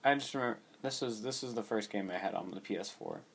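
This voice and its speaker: A man's voice: lowish voice, fast talker, vocal fry. A young man co-hosting a podcast in casual chat, laid-back and distracted, swearing now and then. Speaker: podcast co-host.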